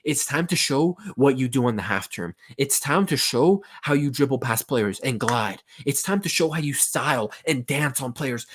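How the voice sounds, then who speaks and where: A man's voice: medium pitch, expressive, normal speed, hardly any pauses, a bit bright, slightly rough. A man delivering an impassioned mock locker-room pep talk. He pleads and swears, pressing each point with urgency. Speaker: football fan vlogger.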